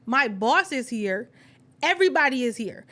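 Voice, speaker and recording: A woman's voice: high voice, big pitch swings, normal speed, a bit bright. A woman telling a story in casual chat, acting out every quote with animation. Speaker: podcast co-host.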